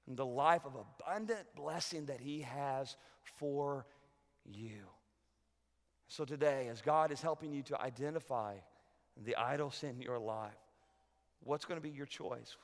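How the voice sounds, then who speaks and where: A male pastor preaching a sermon, swinging from loud urgent peaks to hushed lows. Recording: long reverb of a large hall.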